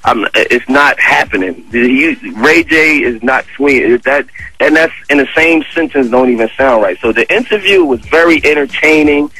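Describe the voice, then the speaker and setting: A man with a New York accent, a guest on a radio show, telling a story in a casual, animated way full of slang and fillers. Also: mid-range voice, low-quality recording. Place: radio studio. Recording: dry radio studio.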